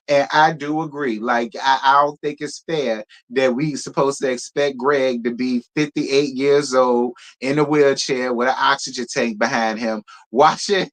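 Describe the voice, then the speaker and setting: Hosting a live reality TV recap, a man with a fairly bright, mid-range voice delivers cheeky, blunt, cursing commentary. He speaks straight to viewers and thanks the people who donate.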